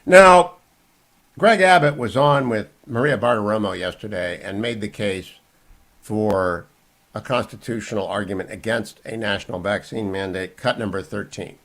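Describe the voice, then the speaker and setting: Gravelly, low-pitched talk radio host. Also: male voice, moderate pace. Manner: emphatic, swinging from loud bursts to low asides. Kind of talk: opinionated talk radio monologue.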